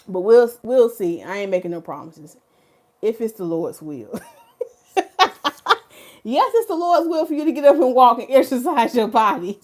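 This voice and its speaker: A woman, casually chatting on a livestream, reading viewer comments and laughing often. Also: medium pitch. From North Carolina, USA. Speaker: hair stylist and livestream host.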